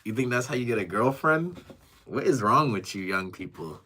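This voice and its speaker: A man's voice: mid-range voice, lively intonation, moderate pace, sharp tone, husky. A young man streaming from a rented apartment, reading chat messages aloud and reacting casually, with frequent swearing.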